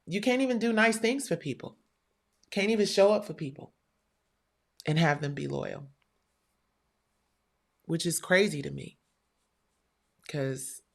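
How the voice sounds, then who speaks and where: Gravelly-voiced woman hosting a livestream. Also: deep voice. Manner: candid, blunt, profane storytelling. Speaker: livestream show host. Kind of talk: casual livestream talk.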